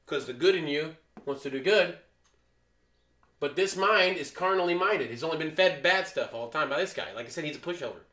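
A man preaching a sermon, emphatic and moving between loud and quiet. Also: a little high, a little fast, echoey room.

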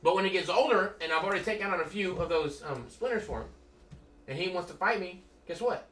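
Male Christian teacher, bright and lively storyteller, echoey room. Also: high-pitched, quick pace, far from the mic, a little hiss or hum. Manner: animated, acts out quoted voices. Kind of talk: casual storytelling talk.

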